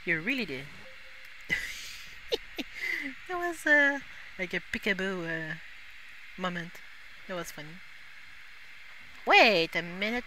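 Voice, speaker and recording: Excitable gamer with bright, lively voice. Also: female voice, medium pitch, slow, long pauses, slight background noise. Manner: excitable, laughs often, frequent exclamations. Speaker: gaming YouTuber. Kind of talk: casual gameplay commentary.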